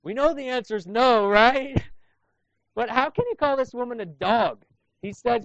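Guy preaching, kinda high voice, chatty, asks the crowd questions, dry dull lo-fi sound. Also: normal speed, fairly bright tone, dry recording. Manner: conversational preaching, rhetorical questions to the congregation. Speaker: pastor. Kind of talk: sermon.

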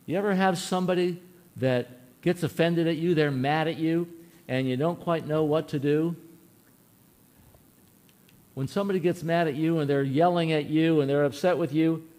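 A man's voice: fairly high pitch, darkish tone. A man preaching a sermon in an earnest, folksy way, telling a personal story and asking his listeners questions.

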